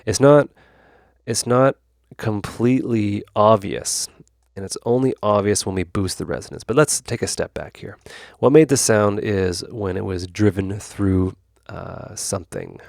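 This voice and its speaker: This gravelly, low-voiced man hosts a YouTube synth demo in a loose, rambling way, talking a little slowly and wandering into asides and filler words. The sound is close and dry, with no echo.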